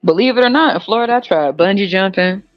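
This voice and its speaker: A man with an American country accent hosting a casual livestream chat, animated and profane, laughing often and jumping into high squeals. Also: fast talker. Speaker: podcast host. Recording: dull lo-fi audio with faint music.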